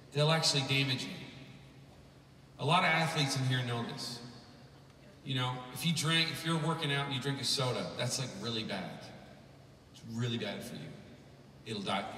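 A man from Canada who is probably in his thirties gives a joking, animated talk to a live youth conference audience as a Christian musician. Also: mid-range voice, recorded from a distance, a little hiss or hum. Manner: animated storytelling, jokey asides, mimics voices. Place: large hall. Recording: echoey hall, mic heard from afar.

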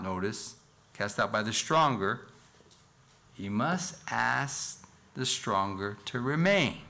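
A man's voice: medium pitch, lively intonation, takes it slowly, vocal fry, sharp tone. A man preaching a sermon in church as pastor, earnest, with rhetorical questions and a rising, emphatic reading of scripture. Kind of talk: expository sermon.

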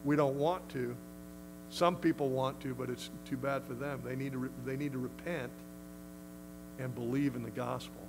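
A man's voice: medium pitch, steady tone, moderate pace, noisy background. A male pastor preaching a sermon in an emphatic, conversational way. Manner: emphatic, conversational, acts out quotes.

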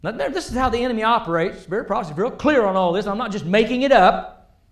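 Speaking fast and in a high pitch, a male preacher delivers his sermon in an echoey church sanctuary. He rises to loud, hard-pressed emphasis and drops back to quiet asides in an animated style.

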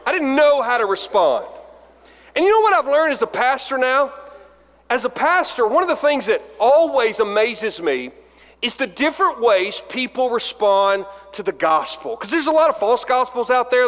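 A man's voice: extremely high pitch, fairly bright tone. A man, a pastor telling funny self-deprecating stories in a chapel sermon. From Alabama. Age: 40s. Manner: storytelling, self-deprecating jokes, acts out dialogue. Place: large chapel. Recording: long reverb of a chapel hall.

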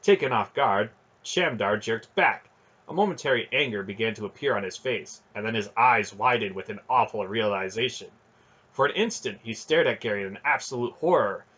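A man reading a fantasy novel aloud in steady storytelling narration. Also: fairly low pitch, normal speed, husky, lo-fi sound. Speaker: audiobook reader.

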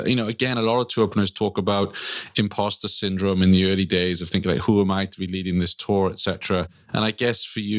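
A man's voice: low voice, no echo, clean studio sound. A man hosting a podcast, chatty and encouraging as he talks with a guest. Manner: chatty, encouraging, with fillers and laughs. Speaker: podcast host. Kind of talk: casual podcast interview.

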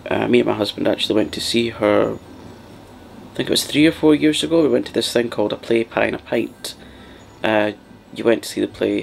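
A man hosting a soft-spoken ASMR chat, rambling and partly whispering as he talks. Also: fairly low pitch, vocal fry, a little hiss or hum. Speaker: ASMR channel host.

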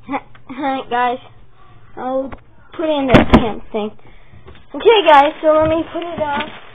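A woman hosting a casual vlog, chatting and rambling as she shows her drawings, with the hiccups and bursts of excitement. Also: high voice, measured pace. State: has the hiccups. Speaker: channel host showing her drawings. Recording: tinny phone-like sound with faint noise.

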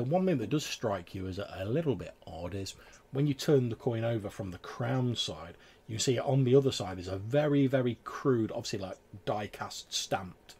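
Fields: gravelly man, rambling game master. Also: mid-range voice, darkish tone. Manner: rambling, filler-heavy description. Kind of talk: narrating a tabletop game.

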